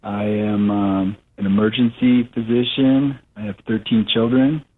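A slow, deliberate man phoning in to a radio game show. His voice is low and flat, and the thin phone line narrows the sound to a tinny band. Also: a little hiss or hum. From Illinois, US. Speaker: caller, game contestant. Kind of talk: phone-in caller.

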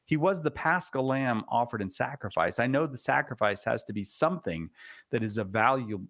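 A man hosting a radio talk show, chatting in a relaxed, joking way with plenty of filler words. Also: mid-range voice, normal speed.

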